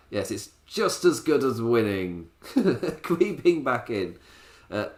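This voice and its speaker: A man reviewing a wrestling show in a casual, sarcastic way, often laughing. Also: medium pitch. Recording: roomy echo.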